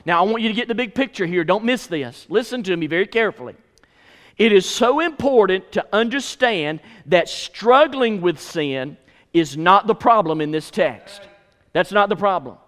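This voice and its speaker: In a church sanctuary, a middle-aged pastor preaches a sermon emphatically, repeating phrases for stress. His voice sits high and is expressive and a bit bright, moving at normal speed, with hall reverb on the recording.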